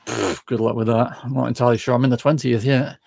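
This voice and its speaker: A man's voice: mid-range voice, fairly even intonation, fast, creaky, a little mellow. A man hosting a casual livestream chat, rambling and self-deprecating. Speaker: livestream host.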